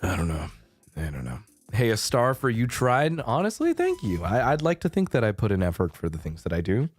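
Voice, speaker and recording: A man's voice: on the low side, wildly swooping pitch, brisk. A young man chatting casually on his stream, rambling and playful, swearing freely and laughing often. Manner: frequent laughter and restarts. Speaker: VTuber streamer.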